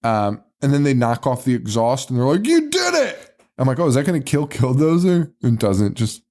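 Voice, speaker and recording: A man's voice: medium pitch, brisk, dark tone. A man co-hosting a podcast, casually recapping a movie with lots of laughter, swearing and mock quotes. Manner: laughing, profane, retelling scenes with mock quotes. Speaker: podcast co-host.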